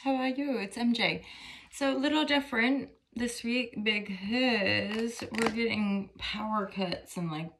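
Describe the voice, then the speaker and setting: A woman's voice: a little high, takes it slowly, background noise. A woman talking casually to camera into her phone as she gives a tarot reading, chatty and upbeat, with many fillers. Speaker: tarot reader.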